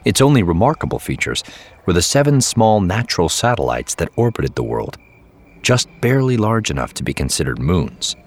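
A man narrating an audiobook in a measured, even storytelling manner. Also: deep voice, husky.

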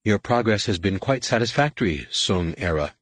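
A weary female alien adept, proud and reserved, giving brisk formal orders, as a man voices her. The storybook voice sits low and husky on a dry close sound. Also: animated, no room sound.

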